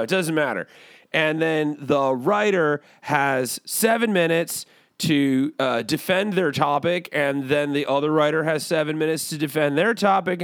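A rambling, excitable male bird hosting his own podcast, as a man puts him on. He swears casually and wanders off topic in a slightly raised voice. The sound is close and dry, with no room around it. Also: on the high side, no echo. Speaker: podcast host. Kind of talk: comedic character podcast.

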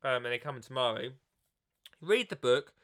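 A man's voice: mid-range voice, expressive, normal speed, a bit bright. A man with a cold, chatting casually and jokily to viewers about his gardening book, with lots of restarts. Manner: jokey, rambling, many restarts. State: has a cold. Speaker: author and gardening presenter. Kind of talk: casual live video chat.

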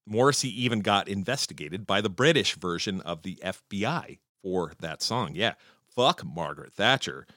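Animated, swearing man ranting about music. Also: no room sound, clean studio sound. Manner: profane, opinionated and animated, with frequent swearing; pitch jumps high when excited. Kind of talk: casual music-history monologue.

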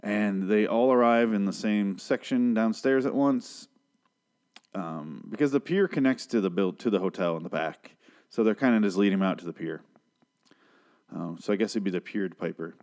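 A young man casually recapping a TV episode, rambling and sarcastic, swearing freely and slipping into quick mock voices for the characters. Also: fairly low pitch, darkish tone.

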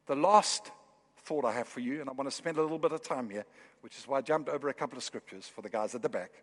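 High-voiced man preaching in a hall. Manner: animated preaching, building emphasis. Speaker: pastor. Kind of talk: sermon. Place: church hall.

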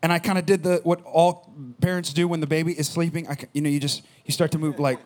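A man with a slightly higher voice preaches a sermon, telling a personal story in a conversational style. He gets animated, then drops to a near hush when the story turns quiet. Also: fast talker. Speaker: pastor.

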